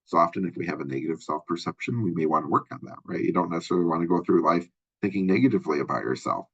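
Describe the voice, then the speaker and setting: A man teaches a recorded college lecture in a very low, husky voice. He talks quickly and loosely, with fillers and friendly asides. The sound is dull and lo-fi. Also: lively intonation. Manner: conversational, many fillers and asides. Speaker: college instructor.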